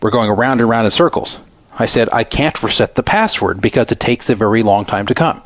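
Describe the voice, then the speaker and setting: A man's voice: mid-range voice, animated, fast, no echo. Aggrieved middle-aged man telling a story. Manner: aggrieved, re-enacting arguments. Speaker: radio show host. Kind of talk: storytelling monologue.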